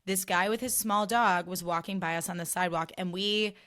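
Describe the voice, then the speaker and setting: A woman's voice: fairly low pitch, fairly even intonation, brisk, fairly bright tone. A woman hosting a casual solo podcast, chatting in a loose, filler-heavy way with sarcastic asides. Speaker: podcast host.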